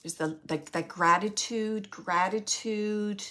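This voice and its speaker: Bright-voiced woman medium, halting delivery. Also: mid-range voice, fairly even intonation. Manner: halting, filler-heavy, relays spirit's words. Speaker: medium giving readings. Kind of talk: live mediumship reading to audience.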